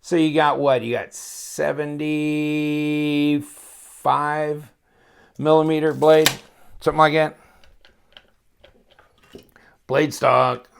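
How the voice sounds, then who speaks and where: A man's voice: a little high, steady tone, takes it slowly, gravelly, pauses often, clear, resonant tone. A man reviewing a knife in a casual unboxing chat, rambling and thinking aloud with wry, joking asides. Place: home, at his inspection table.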